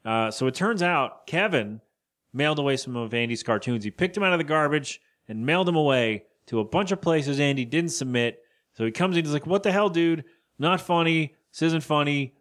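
Medium in pitch, animated, and fairly bright, this man's voice carries a casual podcast recap. As co-host, he rambles along and slips into quick voices to act out what characters say.

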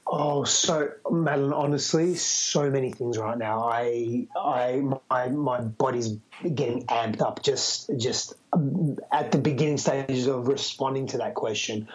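A man's voice: mid-range voice, unhurried, breathy edge, low-quality recording. A man with an Australian accent, talking as a podcast guest in an earnest, reflective way. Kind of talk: casual conversational interview.

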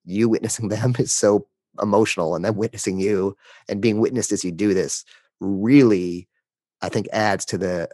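A man speaking as a podcast guest, telling a candid story in a halting way, often restarting sentences and emotional at times. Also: fairly low pitch, dry recording.

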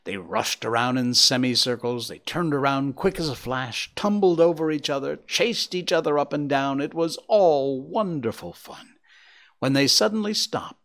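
Guy reading a kids' story out loud, voice bouncing all over the place, mid pitch. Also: moderate pace. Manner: lively, voicing characters with shifting pitch. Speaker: narrator. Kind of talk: audiobook reading of a children's story.

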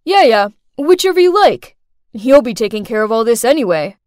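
Woman doing a casual teenage boy, high voice, bouncy lilting intonation, blunt and offhand, animated story. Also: a little slow, no echo, clean studio sound. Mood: dismissive.

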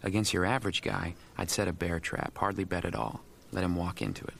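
An actor playing a cool, calculating young male poker player who reasons calmly through each move. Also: deep voice, creaky, slight background noise. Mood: focused. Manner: calm, measured reasoning. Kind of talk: film voice-over and dialogue.

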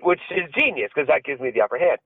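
A man's voice: a little high, sing-song, fast, no echo. A man co-hosting a podcast, telling a story with lots of swearing and laughter in casual chat. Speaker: podcast co-host. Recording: dry, phone-like lo-fi sound.

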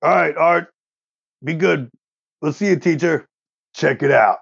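A man in his forties voicing a brash, excitable grown man in a tabletop game, calling out loudly. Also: on the high side, a little slow, creaky, breathy edge, dull audio, full character voice. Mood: breezy. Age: 40s.

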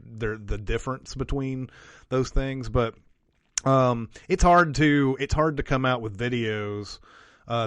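Smooth-voiced man, halting and thoughtful. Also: mid-range voice, a bit bright, no room sound, studio quality. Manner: halting, many fillers and restarts. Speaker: channel co-creator and podcast host. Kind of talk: casual podcast discussion.

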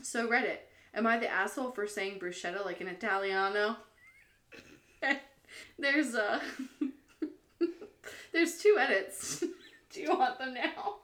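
A woman's voice: a little high, takes it slowly, long pauses, fairly bright tone, echoey room. A woman co-hosting a podcast, chatting casually and reading forum posts aloud, laughing often as she reads. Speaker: podcast co-host.

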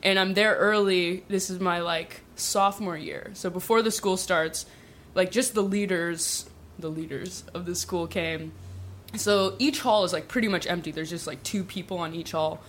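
A woman's voice: on the low side, normal speed, a little hiss or hum. A woman telling a funny personal story to a small group, laughing often and saying "like" a lot. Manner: giggly, peppered with "like", lively asides. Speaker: guest storyteller.

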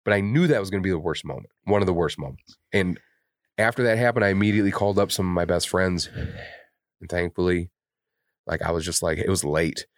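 A man's voice: deep voice, quick pace, no room sound, clean studio sound. A man co-hosting a podcast, talking candidly in casual chat with blunt, heavily profane, openly emotional speech. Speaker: podcast co-host.

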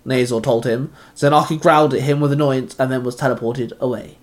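A man reading a fan fiction story aloud in a steady, even narration. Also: mid-range voice, fairly quick.

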